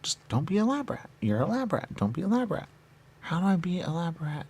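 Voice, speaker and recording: Male comic, gravelly husky voice, absurd playful banter, lively delivery. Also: high-pitched, a little fast. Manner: absurd, playful back-and-forth, some whispered asides. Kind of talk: improvised comedy banter.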